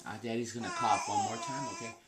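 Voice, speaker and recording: A father at home at night, talking baby talk to his infant in a gentle, coaxing way and repeating short questions. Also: mid-range voice, huge pitch swings, quick pace. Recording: noisy home video.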